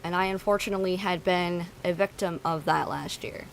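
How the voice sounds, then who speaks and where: A woman's voice: fairly low pitch, fairly even intonation, brisk, creaky, slight background noise, low-quality recording. A woman streamer talking to her chat, venting bluntly and swearing freely. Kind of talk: casual talk to stream chat.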